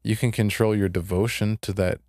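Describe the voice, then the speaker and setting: Laid-back low-voiced young man. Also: steady tone, a little fast, darkish tone, dry recording, studio quality. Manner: laid-back, retells stories with put-on voices. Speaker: podcast co-host. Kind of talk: casual podcast chat.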